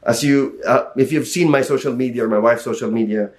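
A man with a Filipino accent preaching a sermon, telling a personal story in a lively way and acting out the voices he quotes. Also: a little fast. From Philippines. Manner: animated storytelling, acts out quotes with sharp pitch jumps.

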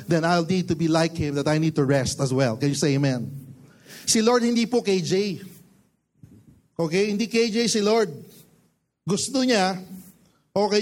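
A man with a Filipino accent preaching a sermon as pastor, switching between English and Tagalog, with emphatic bursts. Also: sits high.

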